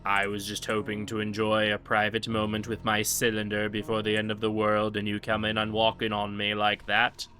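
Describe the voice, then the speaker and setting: A man's voice: lowish voice, fairly quick, few pauses, bright, forceful tone, faint music behind. A man voicing a haughty, annoyed villain with a British accent, making threats. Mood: sneering.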